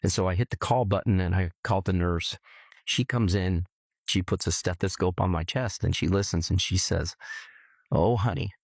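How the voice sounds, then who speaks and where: Middle-aged guy, very low voice, earnest, stops and repeats himself while telling his story. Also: fairly even intonation, dry recording. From California. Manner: earnest, halting, repeats words as he recalls. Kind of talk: personal testimony.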